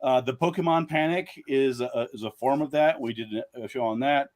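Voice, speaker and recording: A man of ordinary middle pitch chats casually as a guest author. He rambles and circles back, with frequent "uh" fillers and restarts. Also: a little fast, darkish tone. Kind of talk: casual live-stream chat.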